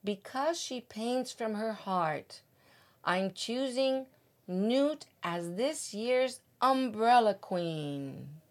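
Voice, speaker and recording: Gracious, curious king in a read-aloud picture book, unhurried, voiced by a woman. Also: on the high side, expressive, heavily acted. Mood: kindly. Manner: gentle, slow storybook reading.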